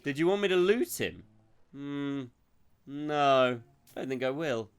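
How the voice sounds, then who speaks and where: A man's voice: medium pitch, animated, unhurried, clean tone. A man streaming a video game, rambling, joking and swearing freely as he plays. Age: adult. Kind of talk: live gameplay commentary.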